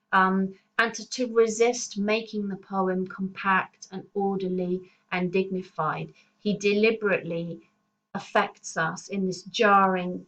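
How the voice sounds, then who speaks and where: A woman teaching English literature in a recorded lesson, explaining in a measured way and stressing key terms. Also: mid-range voice, a bit bright, rough recording.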